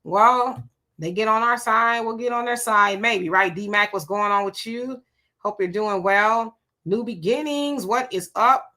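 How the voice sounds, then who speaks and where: A woman's voice: mid-range voice, measured pace, bright, forceful tone. A woman hosting a live stream, greeting viewers by name and reacting to their comments in a casual, conversational way. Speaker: livestream host reading viewer comments.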